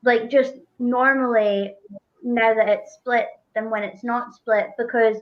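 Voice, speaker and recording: A woman's voice: on the high side, fairly even intonation, unhurried. Chatty woman on dull lo-fi audio. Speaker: co-host. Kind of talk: casual chat on a livestream.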